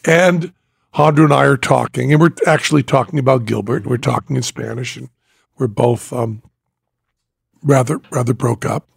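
A man hosting a podcast, telling a story in an animated, casual way and laughing as he goes. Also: medium pitch, normal speed, dry recording, clean studio sound. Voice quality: gravelly and husky. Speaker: podcast host.

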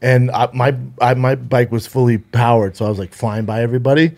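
A man's voice: medium pitch, steady tone, fairly quick, a little mellow. Laughing man telling a wild story. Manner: laughing, acts out voices, swears a lot. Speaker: podcast co-host. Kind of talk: casual storytelling chat.

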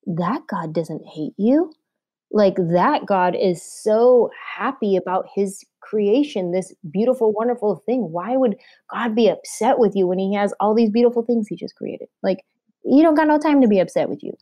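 A woman talking casually about faith, animated as she tells stories and acts out little quotes. Her voice sits mid-range and the recording is dry and close. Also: mid-range voice, dry recording. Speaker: podcast guest.

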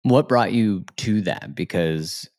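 A man's voice: low voice, lively intonation, takes it slowly, a little mellow. Host, man, 40s; easygoing interviewer, laughs along, voice at the very bottom of the range. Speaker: podcast host. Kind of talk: casual interview chat.

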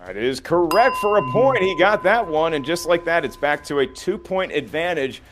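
A man's voice: fairly high pitch, expressive, normal speed, music in the background. A man hosting a trivia game show, reading questions and counting down with playful, teasing banter.

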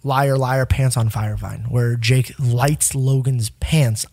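A young man in his twenties, a podcast guest telling a story in casual chat, animated and profane, laughing often and acting out what people said. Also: medium pitch, takes it slowly, vocal fry, no echo.

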